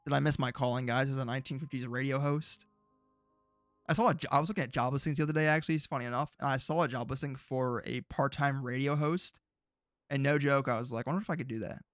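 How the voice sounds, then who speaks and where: A man's voice: medium pitch, fairly even intonation, quick pace, a bit bright, clear, resonant tone, no room sound, studio quality, faint music behind. A man streaming casually, reacting to old predictions with jokey, sarcastic remarks.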